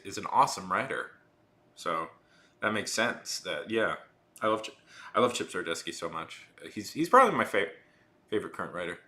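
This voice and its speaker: A man's voice: fairly low pitch, lively intonation, normal speed, bright, forceful tone. A man streaming and chatting casually with his viewers, rambling with frequent restarts and fillers. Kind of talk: casual chat with live chat while drawing.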